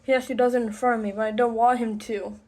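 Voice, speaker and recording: A woman talking to the camera about something personal, slowly and haltingly, with many pauses and restarts. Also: a little high, little pitch movement, a little mellow. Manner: slow, halting, deliberate with frequent pauses and restarts. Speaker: vlogger.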